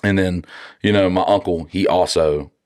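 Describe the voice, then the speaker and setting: A man's voice: sits low, steady tone, moderate pace, darkish tone. A man co-hosting a podcast, talking bluntly and profanely with lots of restarts. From North Carolina. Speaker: podcast co-host. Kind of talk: casual podcast chat.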